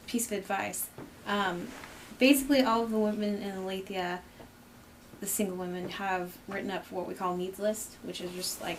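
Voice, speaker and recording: A young woman joins a casual group conversation, rambling through her points and cracking jokes. Her voice sits at a medium pitch. Faint hiss lies under the recording. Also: low-quality recording. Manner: joking, rambling.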